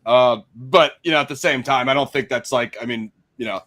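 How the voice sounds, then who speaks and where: A man's voice: medium pitch, fairly quick, a loud crowd. A man hosting a casual film-review chat, laid-back and slangy, with lots of fillers. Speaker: podcast host.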